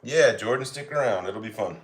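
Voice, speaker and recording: A Colorado man hosts a cooking livestream, chatting casually with viewers and reading their comments aloud to answer them as he cooks. His voice sits on the low side, with lively intonation and a fairly quick pace. He comes across as chatty and easygoing.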